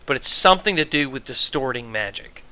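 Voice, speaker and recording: Male GM, sharp bright voice, casual rambling narration. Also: mid-range voice, animated, fairly quick, clean tone. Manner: loose, filler-heavy scene description. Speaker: game master. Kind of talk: narrating a tabletop game.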